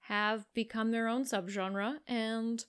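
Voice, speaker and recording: A woman's voice: fairly high pitch, steady tone, slow pace, fairly bright tone, clear, resonant tone. A Canadian woman co-hosting a podcast, chatting casually and laughing often. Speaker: podcast co-host. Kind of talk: casual chat.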